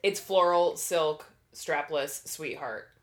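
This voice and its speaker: Dry, sarcastic woman podcast host, lowish voice. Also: slow. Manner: dry, blunt, sarcastic critiques. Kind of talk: casual chat recapping a TV episode.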